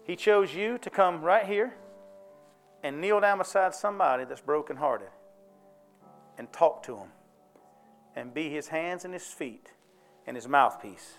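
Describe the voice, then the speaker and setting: High-voiced pastor preaching. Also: male voice, animated, a little slow, long pauses, soft background music. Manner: folksy, conversational preaching with call-and-response questions. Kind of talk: sermon. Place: church.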